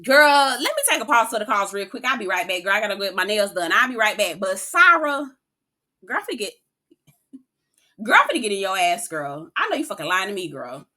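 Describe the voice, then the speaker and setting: Female recap host: sassy, profane, animated, with a bright, forceful voice at medium pitch. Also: quick pace. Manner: sassy, profane, keeps saying "girl"; animated, laughs often. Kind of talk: casual recap commentary.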